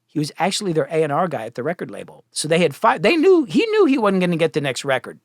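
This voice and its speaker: A middle-aged man, a music producer, tells stories as a guest on a podcast, talking quickly and acting out the voices of the people he quotes. His voice sits a little high for a man and swings widely in pitch. The recording is close and dry. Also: no room sound. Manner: animated, profane, acts out quoted voices. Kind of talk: casual storytelling.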